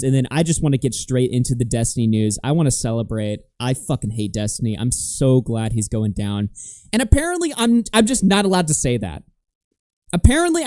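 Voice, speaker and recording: Heated, profane man with mellow tone. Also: a little high, no room sound, clean studio sound. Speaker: livestream host. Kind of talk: casual livestream rant and reading donations.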